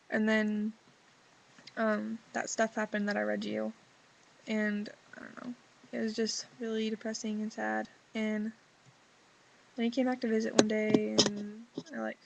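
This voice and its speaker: Teen girl vlogger, sick, gravelly and flat, rambling confessional, faint hiss. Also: medium pitch, normal speed, rough recording. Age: teens. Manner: rambling, filler-heavy teen talk. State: sick, voice lower than usual. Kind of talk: reading a journal entry, then casual confessional chat.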